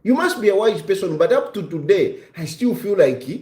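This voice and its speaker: A man's voice: sits high, very animated, fairly quick, mellow, roomy sound. A man in his fifties hosting a live stream, talking in an earnest, reflective way and often repeating his phrases. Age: 50s. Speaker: livestream host.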